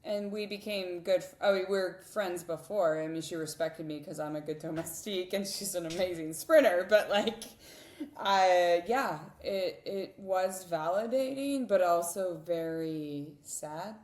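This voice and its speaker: A low-pitched woman in her thirties talks candidly, full of fillers and quick restarts. She tells her stories with animated emotion, and her voice sounds roomy and reverberant. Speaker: guest, professional cyclist. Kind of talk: emotional storytelling in a podcast interview.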